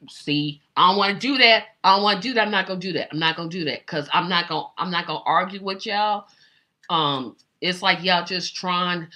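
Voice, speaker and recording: A woman hosting an opinionated live-stream commentary, emphatic and animated, repeating phrases and addressing viewers directly. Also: fairly low pitch. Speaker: political commentary host.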